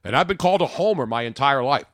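A man's voice: mid-range voice, expressive, fast, a bit bright, dry recording, studio quality. A man hosting a sports talk show, emphatic and jokey, full of rhetorical questions.

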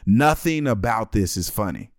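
A man's voice: on the low side, moderate pace, no echo, clean studio sound. A man in his thirties telling a comic story in casual chat and acting out the other people in it. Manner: animated, acts out other people's lines.

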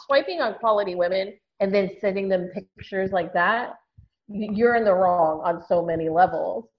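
A woman's voice: mid-range voice, lo-fi sound. A woman guest in a casual podcast chat about dating, talking frankly and laughing often. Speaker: dating venture founder, guest.

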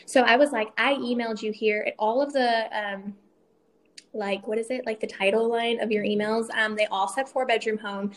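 Young woman, kinda high voice, telling a story super animated, does all the voices, laughs a lot. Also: normal speed. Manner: animated, acts out quoted lines, laughs often. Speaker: military spouse telling a story. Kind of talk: casual storytelling chat.

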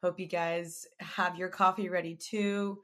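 A woman in her twenties talks into a podcast microphone with a bright, clear tone. She chats casually and tells her stories in an animated, talkative way. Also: lowish voice, a little slow. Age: 20s. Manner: chatty, animated storytelling. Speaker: podcast host. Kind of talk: casual chat.

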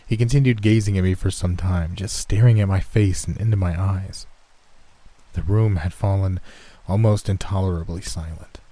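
A man narrating a first-person horror story in a steady, scripted storytelling manner. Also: low-pitched, normal speed.

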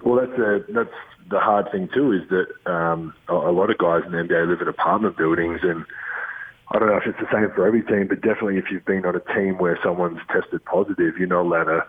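An Australian man, a basketball player, talking from a room at home in a relaxed, rambling way with lots of ums and restarts. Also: sits low, quick pace, breathy edge. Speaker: guest, professional basketball player. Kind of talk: casual interview over the phone. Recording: tinny phone line.

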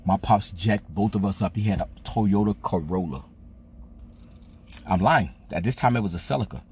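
A man's voice: lowish voice, slightly rough. A man from South Florida hosting a podcast, telling a story in a rambling, candid, profane way. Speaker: podcast host. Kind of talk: casual storytelling.

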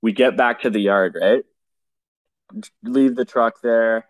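A man's voice: mid-range voice, slow, no room sound. A young man telling a story in casual chat, exasperated and swearing often, with rambling restarts.

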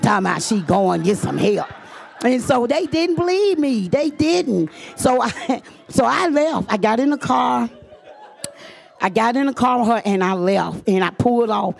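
A woman's voice: a little high, animated, measured pace, creaky. A middle-aged woman, telling her own life story to a live audience in an earnest, emphatic way, repeating phrases for weight.

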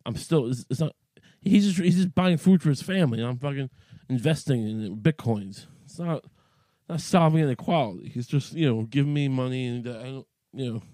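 A man's voice: medium pitch, fairly quick, warm tone, dry recording. A man hosting a podcast, talking in a rambling, profane monologue full of restarts and asides. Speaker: podcast host.

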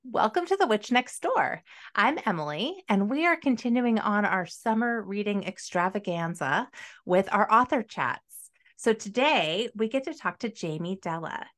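A woman of middle pitch hosts a podcast chat, warmly introducing her guest and cheering her on with quick affirmations. She sounds upbeat and eager to hear more. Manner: upbeat and encouraging, with short affirming responses. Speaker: podcast host. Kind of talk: podcast interview hosting.

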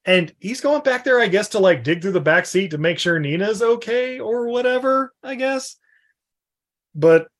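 A man hosting a podcast, retelling a movie scene in casual chat, rambling with lots of laughs and quick put-on character voices. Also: high voice. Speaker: podcast host. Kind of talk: casual film recap chat.

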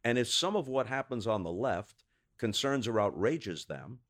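A man who is a sports broadcaster, speaking as a guest in a podcast interview, with articulate, measured and emphatic delivery in long rhetorical sentences. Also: mid-range voice, lively intonation, fairly bright tone.

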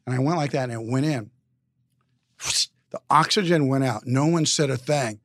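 Speaking at normal speed in a medium-pitched, somewhat bright voice with no room sound, a man tells a long story as a podcast guest. It comes out rambling and halting, full of repeated words.

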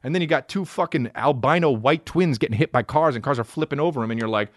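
A man's voice: mid-range voice, fast, hardly any pauses, dry recording, studio quality. A man on a comedic rant, profane and rambling, swinging his delivery up and down as he riffs.

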